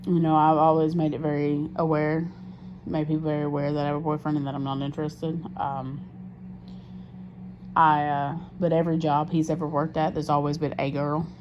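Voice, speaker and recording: A woman with a low voice talks through a rambling, candid diary entry, swearing freely and circling back on herself with fillers. The sound is muffled and lo-fi. A steady hiss of background noise runs under her. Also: fairly quick. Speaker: diary vlogger. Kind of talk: casual confessional diary talk.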